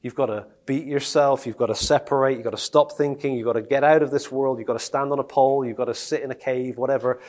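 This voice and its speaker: Male preacher, casual and animated, mid-pitched, heavy on rhetorical questions. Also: fast talker, hardly any pauses. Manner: lively, conversational, asks the audience rhetorical questions. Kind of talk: sermon.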